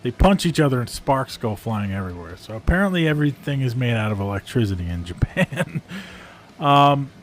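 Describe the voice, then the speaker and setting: A man's voice: medium pitch, sing-song, brisk, background noise. A man giving a casual, rambling review of video clips, amused and full of fillers. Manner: amused, rambling, frequent ums and uhs.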